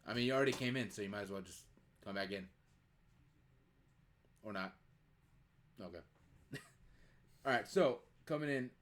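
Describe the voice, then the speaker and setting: A man's voice: on the low side, moderate pace, long pauses, a bit bright. A young man in his twenties hosting a podcast, telling rambling stories full of fillers. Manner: rambling, filler-heavy storytelling. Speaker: podcast host. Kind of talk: casual podcast chat.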